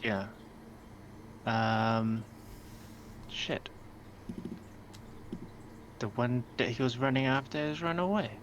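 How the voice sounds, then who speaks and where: A man's voice: mid-range voice, slow, long pauses, muffled recording, slight background noise. A man talking as a player in a tabletop game, thinking aloud as he works out the movement. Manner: thinks aloud while counting. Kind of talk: casual tabletop game chat.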